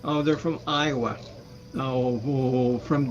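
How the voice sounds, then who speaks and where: A woman's voice: deep voice, lively intonation, slow pace, dull audio, a crowd in the background. A woman co-hosting a casual livestream chat, chatty and laughing easily, with hesitant fillers.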